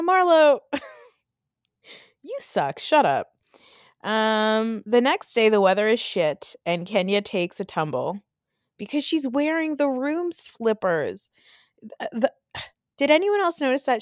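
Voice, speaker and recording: In a medium-pitched voice captured in a dry, studio-quality recording, a woman hosts a casual podcast from her bed while sick with the flu. Recapping reality TV, she rants in a blunt, sarcastic way and curses freely.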